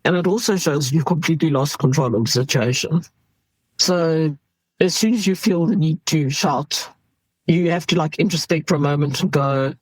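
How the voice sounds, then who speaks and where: Middle-aged South African woman, ER doctor guest; husky, candid, animated storyteller, dry close sound. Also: sits low, moderate pace, no room sound, rough recording. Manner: animated, laughs while telling stories.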